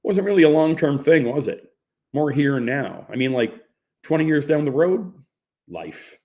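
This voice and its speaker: Guy reading a chill young dude going on about economics, musing and matter-of-fact, voice pitched up a bit. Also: expressive, normal speed, mellow, natural voice. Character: laid-back young man philosophizing about economics.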